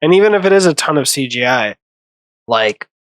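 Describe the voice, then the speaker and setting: Brief: male movie-commentary host, slightly higher voice, rambling and self-correcting, dry close sound. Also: animated, brisk, a bit bright, no echo. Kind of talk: casual reaction commentary.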